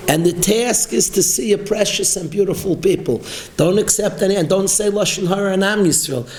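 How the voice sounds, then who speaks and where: A man giving a sermon as a rabbi, preaching emphatically and with animated, rising exclamations. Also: high-pitched, fairly quick. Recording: roomy echo.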